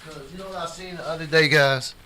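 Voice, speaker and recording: A man's voice: a little high, quick pace, crowd noise, low-quality recording. Brash riffing male comedy stream host. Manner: loose, riffing, swearing freely. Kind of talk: profane comedic live-stream chat.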